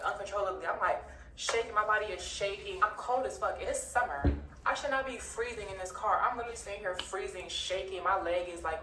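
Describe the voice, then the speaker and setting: A woman's voice: mid-range voice, sharp tone. A woman telling a personal story in a casual storytime vlog, candid and profane, with lots of "like". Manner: candid, profane, heavy use of "like". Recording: roomy distant mic with faint ambient noise.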